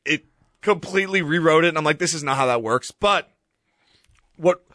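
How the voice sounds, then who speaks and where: A man with a high, bright, sharp voice, talking through a cutting critique on a casual podcast. The sound is close and dry, with no room around it. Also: moderate pace, dry recording. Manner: scathing, reads out a prepared rant. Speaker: podcast co-host.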